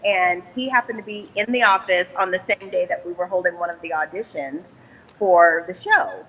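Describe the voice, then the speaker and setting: A woman guest chatting casually in an interview, upbeat and quick to laugh. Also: on the low side, fairly bright tone, slightly rough, rough recording. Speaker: guest, business developer.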